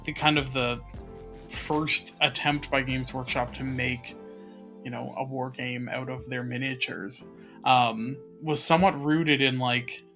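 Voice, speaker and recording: A man's voice: mid-range voice, steady tone, a little slow, bright, forceful tone, faint music behind. A man co-hosting a casual hobby podcast, musing thoughtfully and rambling with many fillers. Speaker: podcast co-host.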